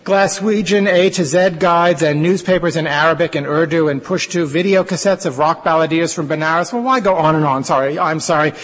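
A man's voice: a little high, fairly quick, few pauses, voice pushed up, lightly acted. A man reading aloud as a rambling, eccentric middle-aged London housewife, in his own plain voice without an accent, wordy and digressive, in a lecture hall. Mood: musing. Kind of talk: dramatic reading of a monologue. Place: lecture hall before an audience. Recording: long reverb in a large hall.

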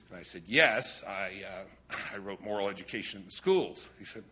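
Husky, forceful older man telling wry anecdotes. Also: lowish voice, expressive, normal speed. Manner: wry, self-deprecating humor with chuckles. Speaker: panelist. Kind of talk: anecdotal storytelling on a conference panel. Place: conference roundtable.

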